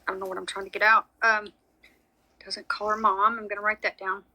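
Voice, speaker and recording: A woman's voice: medium pitch, little pitch movement, brisk, pushed and bright, poor audio. A woman giving a live psychic reading, chatty and frank with frequent apologies. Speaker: psychic medium. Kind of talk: live social media reading.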